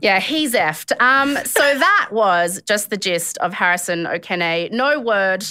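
A woman's voice: medium pitch, animated, takes it slowly, pushed and bright, no room sound, studio quality. A woman hosting a podcast, telling a story in a chatty way, with many fillers and laughs. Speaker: podcast host. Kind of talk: casual chat.

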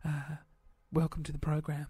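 A man's voice: monotone, normal speed, husky, no echo. A man putting on a solemn radio preacher. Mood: mock-solemn. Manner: low, hushed, mock-solemn dulcet tones. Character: pious male radio preacher, solemn and pompous.

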